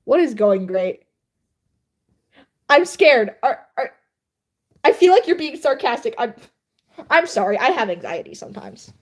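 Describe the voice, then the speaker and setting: A woman's voice: a little high, very animated, a little slow, long pauses. Young woman streaming, chatty and laughing at herself, voice jumps around a lot. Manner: self-deprecating, chatty, laughs often. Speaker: livestreamer and writer. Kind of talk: casual live-stream chat while editing writing.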